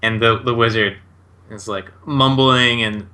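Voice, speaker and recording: A man acting as game master, describing the scene for his players. He talks slowly and loosely, with plenty of fillers. His voice is bright and sharp. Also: medium pitch, fairly even intonation. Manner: casual, heavy with fillers and 'like'.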